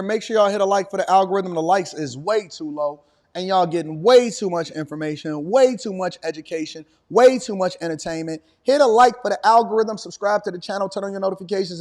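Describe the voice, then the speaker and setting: Guy ranting on his stream, real high voice, hammers the same point over and over. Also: fast talker. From Detroit, Michigan. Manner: animated, preachy, hammering repetition. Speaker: political commentary host. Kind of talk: live-stream reaction commentary.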